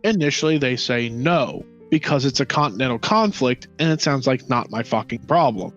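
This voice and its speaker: A man's voice: medium pitch, animated, normal speed, a bit bright. A man in a casual history chat, profane and sarcastic, acting out nations in mocking quoted voices. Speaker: podcast co-host. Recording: dull lo-fi sound with faint music.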